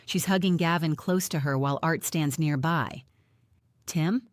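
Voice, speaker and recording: Low-voiced woman reading an audiobook. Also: moderate pace, no room sound, clean studio sound. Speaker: audiobook narrator. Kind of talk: first-person scripted narration.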